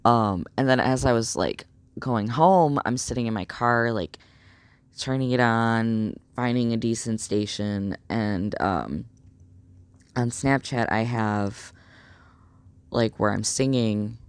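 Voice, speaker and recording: A young man chats to the camera in a casual vlog, his voice edged with creaky, gravelly fry. He rambles excitably, filling gaps with "like" and "um". The recording is dry and close, with almost no room sound. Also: mid-range voice, takes it slowly, dry recording. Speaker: vlogger.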